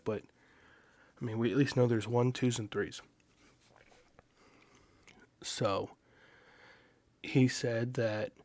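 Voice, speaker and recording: A man's voice: mid-range voice, a little mellow, dry recording. A man giving a casual spoken recap as a manga reviewer, rambling with lots of "like" and "you know" and chuckling now and then.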